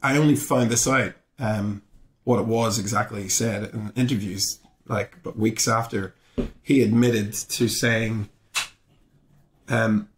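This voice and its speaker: A man's voice: fairly low pitch, measured pace, slight background noise. Man, roomy echo. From Belfast, Northern Ireland. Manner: animated retelling, acting out both sides of the exchange; casual with frequent swearing. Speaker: guest comedian. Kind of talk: conversational storytelling in a podcast interview.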